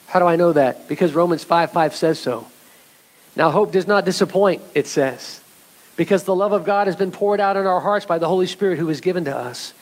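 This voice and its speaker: A male pastor preaching a sermon, animated and speaking directly to his congregation, sometimes acting out voices from the story. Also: high-pitched, fairly quick. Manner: animated, acts out voices of scripture figures; addresses congregation directly as church.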